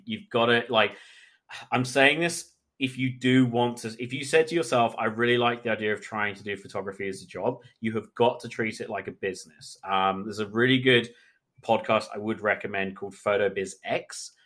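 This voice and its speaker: A man, a photographer, talking candidly in a casual interview, animated and swearing freely. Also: lowish voice. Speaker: photographer guest.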